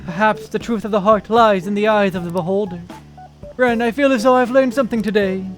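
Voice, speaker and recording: A man voicing a pompous young artist, very high. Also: steady tone, brisk, soft background music, natural voice. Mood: pensive. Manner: theatrical, flowery formal speech. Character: pompous young male artist, grandiose and dreamy. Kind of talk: reading game dialogue aloud on stream.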